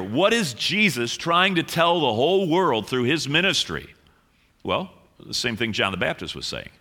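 A male pastor delivering a conversational sermon with a strikingly bright, sharp voice pitched a little high. He teases the congregation playfully and tends to repeat words as he thinks aloud. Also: big pitch swings, moderate pace.

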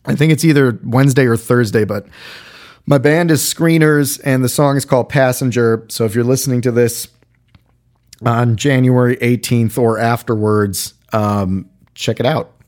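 A man with a mid-pitched, everyday voice talks through a film review off the cuff. He rambles, piles on fillers and throws in wry, irreverent jabs as he goes. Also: steady tone, normal speed, darkish tone. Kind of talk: casual spoken review.

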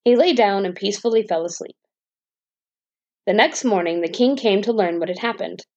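Gravelly-voiced woman reading a bedtime story. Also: mid-range voice, normal speed, dull audio. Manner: calm, even storybook narration.

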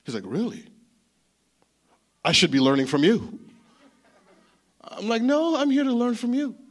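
A man preaching a sermon, telling a story in an animated, chatty way that often repeats words. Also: extremely high pitch, measured pace. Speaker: pastor.

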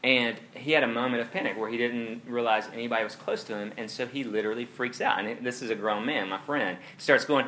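A man's voice: medium pitch, quick pace, hardly any pauses, a little hiss or hum. A young man preaching a casual, conversational sermon, telling stories with chuckling asides. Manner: animated, chuckling, storytelling asides. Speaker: pastor.

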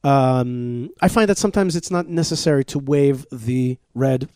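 A man co-hosting a podcast, telling stories in an animated, excitable way, acting out what others said and restarting his sentences often. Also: mid-range voice, normal speed, dry recording, clean studio sound. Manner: excitable, acts out quoted voices, many restarts. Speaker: podcast co-host. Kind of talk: animated storytelling chat.

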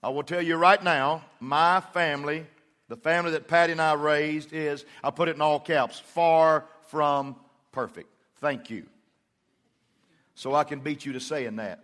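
A middle-aged man delivers a sermon in a church, weaving folksy stories into his preaching. His voice sits a little high and has a bright, forceful edge. A long reverb from the hall trails behind every phrase. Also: steady tone, a little slow. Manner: folksy storytelling with acted-out quotes. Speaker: pastor.

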